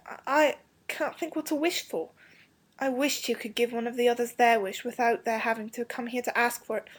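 A woman voicing an anxious young schoolboy, breathy and hurried, pleading as she speaks. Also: on the high side, steady tone, voice pushed up. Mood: flustered.

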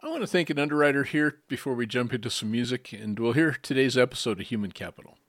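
A man's voice: medium pitch, quick pace, a bit bright. A man hosting a community radio show, announcing in a friendly, casual way and reading an underwriting spot. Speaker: radio host.

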